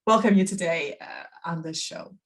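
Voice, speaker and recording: A woman podcast host with a French accent on a video call, effusive and quick to laugh, sometimes searching for words. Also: fairly low pitch. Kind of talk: casual interview chat.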